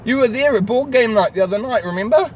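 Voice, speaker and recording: High-voiced tipsy man, loud street noise. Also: fast. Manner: animated, crude, joking. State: tipsy from drinking. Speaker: vlogger host. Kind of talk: rambling casual banter. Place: in a car in city traffic.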